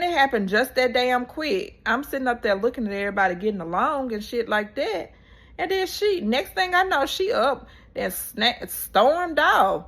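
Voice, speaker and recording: Gravelly woman recapping a reality show. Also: fairly high pitch. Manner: animated storytelling, acting out quotes. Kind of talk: casual chat.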